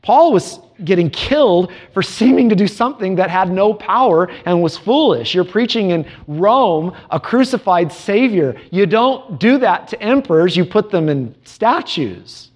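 A male preacher delivering a sermon, earnest and emphatic, asking rhetorical questions and reading scripture aloud in a measured cadence. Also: high voice, darkish tone.

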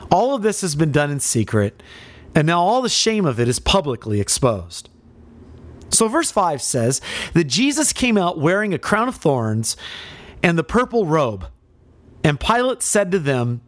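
A man's voice: a little high, no room sound. Guy preaching a sermon, big swings up and down, dry close sound. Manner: dramatic, rising and falling emphasis, rhetorical questions.

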